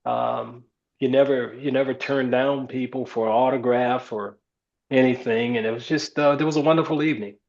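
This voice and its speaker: An older man, a retired ballplayer, recounting stories in a relaxed interview, with many fillers. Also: mid-range voice, normal speed. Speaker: retired baseball player, guest. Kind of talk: storytelling interview. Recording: slightly dull lo-fi sound.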